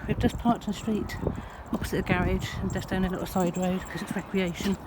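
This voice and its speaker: Woman, chatty van vlog, rambling, mid-pitched, heavy engine noise behind. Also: fairly even intonation, fairly quick. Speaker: vlogger. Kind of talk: casual vlog to camera. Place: in and around a van. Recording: loud vehicle noise.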